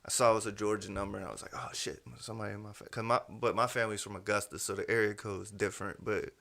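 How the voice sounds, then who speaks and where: Casual podcast host, male, late thirties, lowish voice, easygoing chatter. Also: little pitch movement, racing, vocal fry, bright, forceful tone. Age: 30s. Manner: laid-back, rambling, says "you know what I'm saying". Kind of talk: casual chat.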